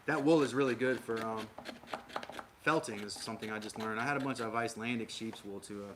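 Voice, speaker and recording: A man's voice: fairly low pitch, a little fast. A man from Minnesota hosting a casual livestream, chatting with viewers and answering their comments aloud in a rambling way, with many fillers and restarts. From Minnesota, USA. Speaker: livestream host. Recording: loud background noise with clicks.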